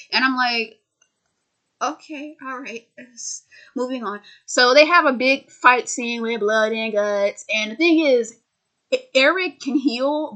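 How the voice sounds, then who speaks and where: A woman's voice: a little high, fairly bright tone. A woman giving a casual, rambling movie review from a small room at home, sarcastic and profane, often stammering and restarting her sentences.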